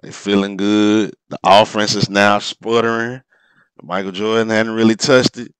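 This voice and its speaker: Excitable man with a smooth low voice. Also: measured pace, no room sound. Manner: animated, exclaims and laughs over plays. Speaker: sports commentator. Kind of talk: casual replay commentary.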